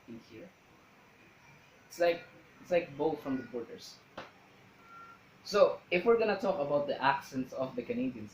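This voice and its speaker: A man's voice: mid-range voice, a little mellow, muffled recording, slight background noise. A man vlogging casually, rambling and searching for words as he explains.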